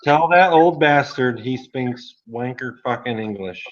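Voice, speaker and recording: A man's voice: medium pitch, a little slow. A man in a casual online voice chat, trading crude insults and mocking banter. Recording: muffled lo-fi line with faint noise.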